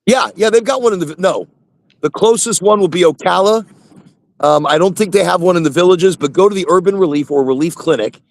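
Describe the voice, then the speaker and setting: A man's voice: high voice, a little fast, no room sound. A man hosting a casual live chat from his phone in his truck, rambling and repeating himself. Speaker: host.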